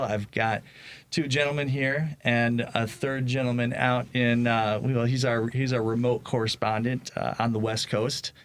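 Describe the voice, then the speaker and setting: A man with a Chicago accent hosting a casual real estate talk show, joking and rambling as he introduces guests. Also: mid-range voice. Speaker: podcast host. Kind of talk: casual chat.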